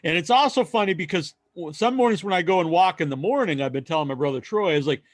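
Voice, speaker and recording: A man co-hosting a podcast, telling a long story in casual chat and acting out other people's lines loudly. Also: a little high, lively intonation, fast talker, no room sound. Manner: rambling storyteller, acts out quoted voices loudly. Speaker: podcast co-host.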